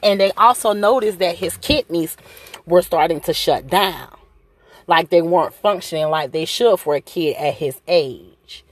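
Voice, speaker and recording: A woman's voice: on the low side, unhurried. A woman, a mother who works at a hospital, tells a personal story in a conversational, emotional way with many fillers.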